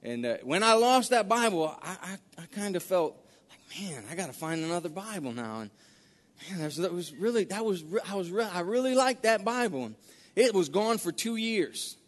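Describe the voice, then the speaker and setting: A man preaching as a guest pastor, folksy and halting, with many restarts. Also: sits high, lively intonation. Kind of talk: sermon with storytelling. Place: church sanctuary. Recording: long church-hall reverb.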